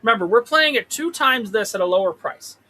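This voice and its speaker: A man's voice: sits high, animated, brisk, sharp tone, low-quality recording. A man hosting a casual live trading stream from a trailer, rambling and swearing as he talks to the chart. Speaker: livestream host trading stocks. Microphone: desk mic with pop filter.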